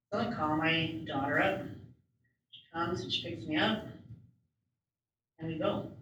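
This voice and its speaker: A woman's voice: low-pitched, sharp tone, a little hiss or hum. A woman interpreter voicing a first-person personal story in a plain, conversational way, with small restarts. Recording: very echoey room, distant mic, faint ambience.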